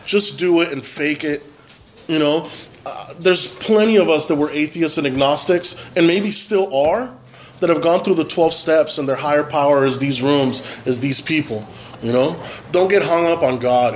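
A man giving a personal testimony at a recovery meeting, halting and full of fillers and tag questions. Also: a little high, slight background noise, rough recording. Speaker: member sharing at a recovery meeting.

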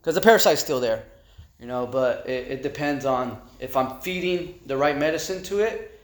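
A man giving personal testimony at a recovery meeting, halting and repeating words with conversational fillers. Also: medium pitch. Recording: echoey room.

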